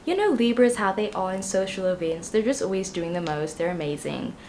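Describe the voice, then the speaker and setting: A woman's voice: medium pitch, animated, a little fast, darkish tone, a little hiss or hum. Chatty young woman reading tarot. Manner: chatty and rambling, many ums and you-knows. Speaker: tarot reader. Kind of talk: casual tarot reading to camera.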